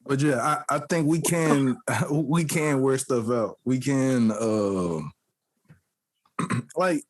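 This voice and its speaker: A man's voice: medium pitch, takes it slowly. A man co-hosting a podcast, telling stories in a casual chat, acting out the people in them and laughing often. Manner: animated storytelling, mimics voices and laughs often. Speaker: podcast co-host.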